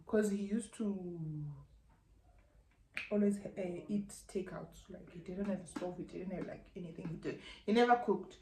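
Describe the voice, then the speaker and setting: A woman's voice: medium pitch, measured pace. South African young woman telling a story. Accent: South African English. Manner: animated, acts out relatives' lines, slangy. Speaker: YouTuber. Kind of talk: storytime vlog. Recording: echoey room, faint background hum.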